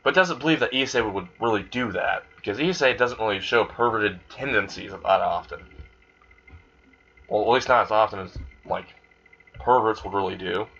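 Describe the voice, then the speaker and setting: Husky bright-voiced man rambling a story. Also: on the low side, normal speed. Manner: rambling and crude, full of fillers and swearing. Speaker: fan fiction storyteller. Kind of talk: casual improvised storytelling. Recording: dull lo-fi recording.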